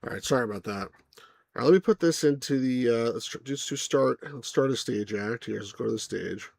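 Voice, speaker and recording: A man's voice: mid-range voice, fairly quick, vocal fry, darkish tone. A man hosting a casual game review, rambling with asides to viewers and chuckling at the jokes. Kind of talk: casual gameplay commentary.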